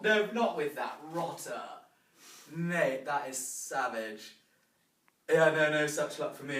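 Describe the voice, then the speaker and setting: A posh young bloke, as a man acts him out in a stage comedy, who blusters through chummy phone banter. His voice sits slightly high, and it rings in a roomy space picked up from afar. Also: fairly bright tone. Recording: roomy sound from a distant mic.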